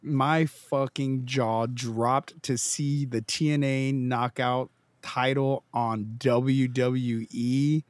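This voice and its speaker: A man co-hosting a podcast, talking with excitement, swearing freely and teasing his co-host. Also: mid-range voice, very slow, hardly any pauses, no echo. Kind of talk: casual podcast chat.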